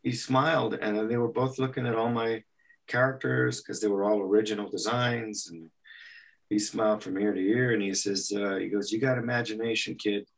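A man's voice: lowish voice, normal speed, vocal fry, recorded from a distance. A man from El Paso, an animation artist, telling stories in an interview and acting out the quotes. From El Paso, Texas. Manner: animated storyteller, acts out quotes. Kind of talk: anecdotal storytelling.

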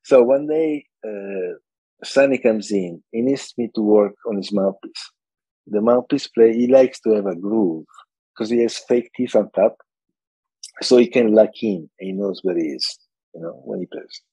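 A man's voice: lowish voice, a little slow, husky, no room sound, poor audio. An older man, an interview guest telling stories, laughing often and acting out quotes. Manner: animated storyteller, laughs often, acts out quotes. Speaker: interview guest, saxophone repairman. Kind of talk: casual interview chat.

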